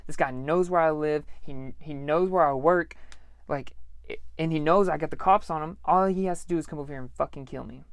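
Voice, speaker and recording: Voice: mid-range voice, a little fast, no room sound. A young adult podcast host telling a personal story in a casual, profane way, acting out the lines of each person in it. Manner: profane, animated, acts out dialogue.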